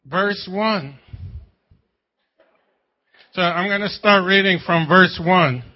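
A man's voice: high-pitched, takes it slowly, dull audio. A man preaching a sermon as pastor, talking in a conversational way with jokes and rhetorical questions.

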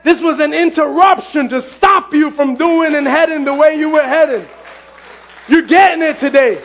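A male pastor preaching a sermon, often shouting, telling his story with lively exclamations. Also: extremely high pitch, moderate pace, some chatter behind. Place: church sanctuary.

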